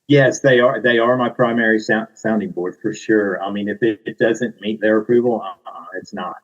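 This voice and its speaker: A man's voice: fairly low pitch, normal speed, muffled recording. A middle-aged man with a Southern US accent, a children's book author answering interview questions in a modest, self-deprecating way.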